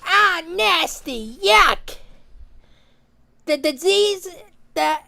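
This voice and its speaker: A man's voice: very high-pitched, animated, drawn-out words, vocal fry, sharp tone, heavily acted. A man voicing a smug, hateful schoolboy who delivers a class speech in a nasal, sneering, mock-solemn way. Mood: disgusted. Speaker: student speaker. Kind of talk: cartoon voice acting.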